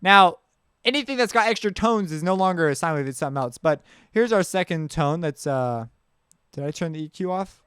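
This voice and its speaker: A man's voice: fairly high pitch, animated, fairly quick, a bit bright, clean tone, no room sound. A man teaching sound basics in a loose, chatty tutorial, thinking aloud as he works. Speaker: music production teacher. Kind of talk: casual screen-share tutorial.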